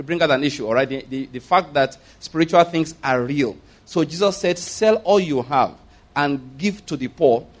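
A middle-aged man with a Nigerian accent preaching a sermon in a conversational, emphatic way, often repeating himself. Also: fairly high pitch. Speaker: pastor.

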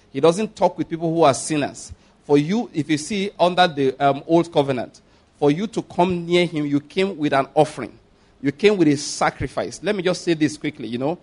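Guy preaching, kinda high voice, drags out the bible verses then rushes the side comments. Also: a little mellow. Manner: slows and stresses scripture, quick asides; calls on the congregation to repeat and notice. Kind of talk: sermon with scripture reading.

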